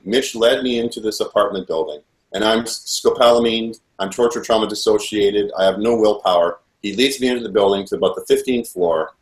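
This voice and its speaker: A man with a fairly low voice recounts his testimony intensely, replaying the dialogue as he goes. He sounds earnest and urgent. The recording has a roomy echo. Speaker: witness giving testimony. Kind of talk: personal testimony, recounting events. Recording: echoey room.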